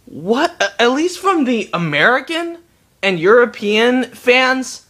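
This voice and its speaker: A man's voice: very high-pitched, big pitch swings, slow pace, bright, forceful tone. A young man delivering a heated, profane gaming rant to camera, repeating himself and restarting his sentences. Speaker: gaming vlogger.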